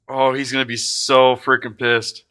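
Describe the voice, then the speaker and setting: Male streamer, bright forward tone, easygoing chat with sudden excited swearing. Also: medium pitch, a little slow, smooth. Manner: excitable, swears and shouts in bursts; talks to chat viewers by name. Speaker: streamer opening card packs. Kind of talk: live stream commentary.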